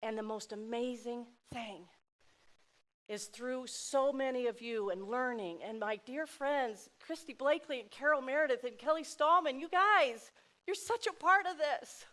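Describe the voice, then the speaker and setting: A middle-aged woman giving a heartfelt personal speech to an audience, swinging between loud exclamations and soft asides. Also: fairly high pitch, unhurried. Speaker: speaker at a dinner event.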